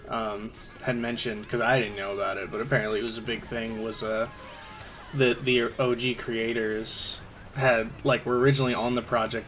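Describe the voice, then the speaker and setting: A man's voice: on the low side, fairly bright tone. A man streaming a racing game, chatting casually about shows and movies with many fillers.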